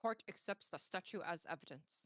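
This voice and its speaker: A woman voicing a formal courtroom judge in a measured, plain read of game lines on a stream. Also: lowish voice, noisy background, close to an everyday voice.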